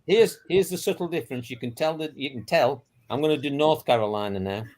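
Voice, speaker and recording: A man's voice: mid-range voice, fairly quick, darkish tone. A man trading jokes and telling a long anecdote in casual banter with friends.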